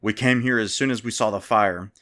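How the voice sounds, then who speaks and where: Guy doing a tough defiant bandit, loud and forceful, storybook voice. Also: fairly low pitch, fairly even intonation, a little fast, lightly acted. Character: defiant hardened male bandit leader.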